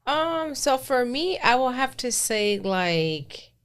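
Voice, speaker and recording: A woman in her thirties talks casually as a podcast co-host. Her stories come out animated and laughing, with a mid-range voice. Her pitch leaps high when she gets worked up. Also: slow, smooth. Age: 30s. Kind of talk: casual chat.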